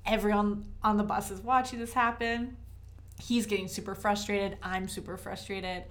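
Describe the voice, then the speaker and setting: A young woman telling a travel story in casual chat, animated and full of fillers, swinging from loud to soft. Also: medium pitch, normal speed.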